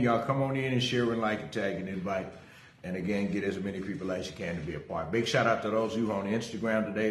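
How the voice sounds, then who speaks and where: A middle-aged male pastor giving a casual livestream sermon. He talks energetically, greets viewers by name and tells a story from his own life. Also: on the low side. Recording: roomy echo.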